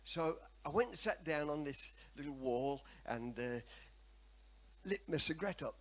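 A man's voice: fairly high pitch, a little slow. A man preaching a sermon, telling a personal story and calling on the congregation to repeat after him. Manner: animated, repetitive, calls for congregation response.

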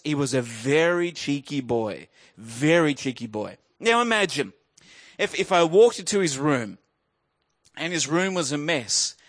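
High-voiced preacher, earnest and emphatic. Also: male voice, fairly bright tone. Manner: earnest, repeats key phrases for emphasis. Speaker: pastor. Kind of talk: sermon.

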